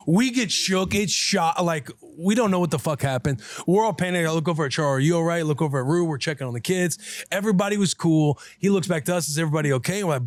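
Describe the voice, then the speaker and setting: A man's voice: sits high, no echo. A man in his thirties, a podcast host, animatedly telling a story in casual chat and acting out the people in it. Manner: animated, profane, quotes people in dialogue.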